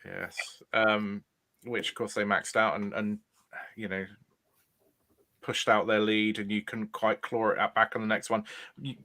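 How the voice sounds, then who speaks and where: A man's voice: lowish voice, flat delivery, a little slow, long pauses, pushed and bright. A man hosting a quiz podcast, chatting casually and thinking aloud with a reflective manner. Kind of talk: casual chat.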